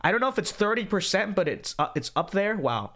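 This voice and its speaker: Animated high-voiced male podcast host. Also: a little fast. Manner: rambling, repeats words, animated outbursts. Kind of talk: casual livestream commentary.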